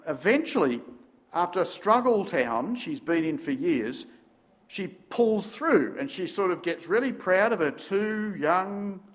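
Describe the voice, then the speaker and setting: In a lo-fi recording, a high-voiced man delivers a sermon. He dramatizes the story, suddenly dropping quiet or bursting out loud.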